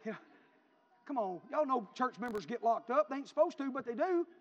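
Pastor, man, high-pitched and fervent, repeats his points, recorded dull in a reverberant sanctuary. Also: expressive, fairly quick, fairly bright tone. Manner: fervent, repetitive storytelling preacher. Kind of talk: sermon. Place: church sanctuary.

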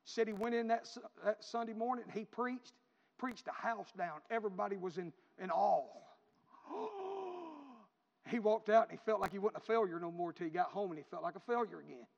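Pastor, man, high-pitched and fervent, repeats his points, recorded dull in a reverberant sanctuary. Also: fast talker, gravelly. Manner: fervent, repetitive storytelling preacher. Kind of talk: sermon. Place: church sanctuary.

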